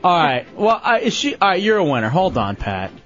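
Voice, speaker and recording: A man hosting a radio show in casual, animated banter, quick to tease and laugh. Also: sits high. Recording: dull lo-fi radio recording with faint music.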